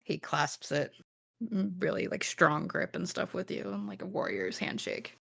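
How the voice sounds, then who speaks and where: A woman's voice: lowish voice, sing-song, moderate pace, creaky, fairly bright tone. A woman narrating as game master of a tabletop game, rambling with many fillers and restarts.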